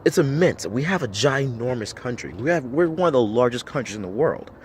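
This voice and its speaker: In a medium-pitched voice with lively intonation and a slightly fast pace, an American vlogger argues bluntly to camera, swearing constantly. He piles on rhetorical questions and repeats himself for emphasis, and a little hiss or hum is present.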